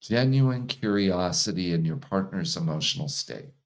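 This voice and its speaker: A man who works as a hypnotherapist and coach, talking casually in an interview, relaxed and laughing often. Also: low voice, moderate pace. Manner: relaxed, laughs often, acts out quoted partners.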